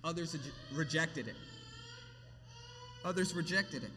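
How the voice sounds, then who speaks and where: A man preaching a sermon from a church platform, with emphatic rises and hushed drops in his delivery. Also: fairly high pitch, measured pace, big-room sound, noisy background. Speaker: pastor.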